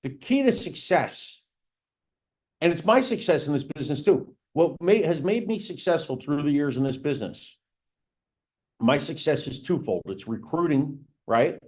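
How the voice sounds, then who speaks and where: A real estate trainer speaks at a moderate pace in an expressive, somewhat high voice with a little mellowness. His business planning session for agents is conversational. He repeats "right?" and "again" and stresses key points with rising emphasis.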